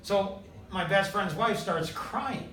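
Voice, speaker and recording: A man telling a story in casual talk as host, animated and full of "like", heard from afar in an echoey room. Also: sits high, slow pace, far from the mic. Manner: animated, quotes others in short bursts, filler "like".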